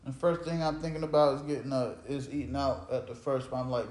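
Man, podcast host, casual rambling monologue, slangy, mid-pitched voice, echoey room. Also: level tone, a little fast, darkish tone. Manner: loose storytelling with slang and restarts.

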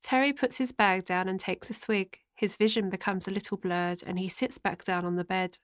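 A woman narrating an audio drama, reading scene directions in a steady voice. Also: mid-range voice, normal speed, dry recording.

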